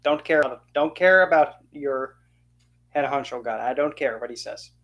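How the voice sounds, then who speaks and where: Vlog rant, indignant, sarcastic, mid-pitched voice, mocking quoted voices. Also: normal speed, dull audio. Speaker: occult channel host. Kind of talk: ranting opinion monologue.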